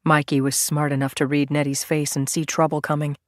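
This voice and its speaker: A woman reads a thriller audiobook in a low, measured voice. Her narration is steady and even, carrying the tension without rushing. The recording is dry and close-miked. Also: no echo. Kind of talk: scripted narration.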